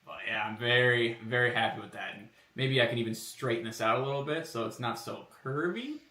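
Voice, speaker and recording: Here a streamer walks viewers through car body kit designs, easygoing and meandering, pausing with fillers as he reasons aloud. He's a man with a mid-range, sharp, bright voice, animated and fairly quick. The mic sits well away from him in a workshop room, so the sound is spacious.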